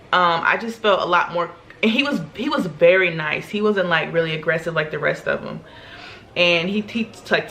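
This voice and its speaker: A young woman vlogger telling a story to camera in a chatty, animated way, laughing often and using slang. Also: on the low side, a little hiss or hum.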